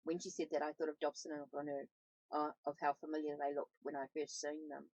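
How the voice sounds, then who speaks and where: A woman's voice: low voice, flat delivery, a little fast, darkish tone, dry recording, poor audio. A woman reading a first-person novel aloud, with small slips and self-corrections. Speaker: audiobook reader, tarot channel host.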